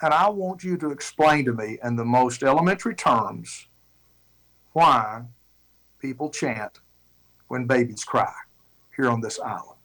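A man's voice: mid-range voice, unhurried, long pauses, fairly bright tone, poor audio. A man voicing a bewildered foreign missionary, pleading and flustered as he asks for an explanation. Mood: earnest.

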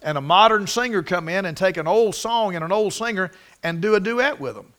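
Man, pastor preaching, high pitched, bright tone, emphatic, restarts often. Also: animated, brisk. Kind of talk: sermon.

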